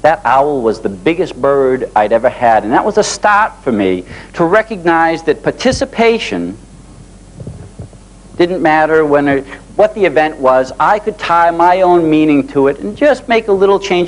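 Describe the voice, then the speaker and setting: A man in his forties giving a live motivational talk to an audience, telling personal stories in an animated way. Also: fairly high pitch, rough recording. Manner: animated storytelling, acting out dialogue with rising excitement. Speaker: motivational speaker.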